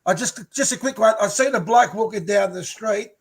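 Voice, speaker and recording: A man's voice: high voice, fairly quick, husky. A man co-hosting a football podcast, telling jokes in a hesitant way with many fillers. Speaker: podcast co-host. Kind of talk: casual footy podcast banter.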